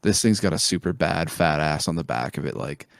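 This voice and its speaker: A man's voice: rumbling low, fairly quick, gravelly, dry recording. A man co-hosting a podcast, chatting casually and enthusiastically about cars, swearing freely as he rambles. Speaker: podcast co-host. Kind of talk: casual chat.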